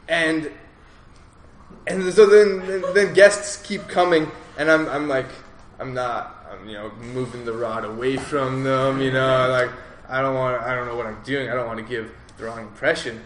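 A man's voice: medium pitch, normal speed, roomy sound, a little hiss or hum. A man telling a long personal story in a loose, rambling way, full of fillers and restarts, laughing at himself now and then. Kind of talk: casual spoken story, rambling and animated.

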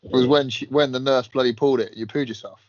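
A man telling animated stories in casual banter, acting out other people's voices as a podcast co-host. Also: mid-range voice, quick pace. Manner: animated storyteller, acts out others. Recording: dry, dull lo-fi sound.

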